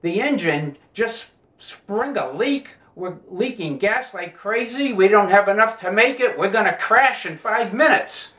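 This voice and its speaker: A man's voice: high-pitched, monotone, normal speed, hardly any pauses, sharp tone, pitched above the performer's own voice. A man voicing a panicked pilot in a joke, in a fairly roomy recording. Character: panicked male pilot, loud and urgent. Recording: roomy echo.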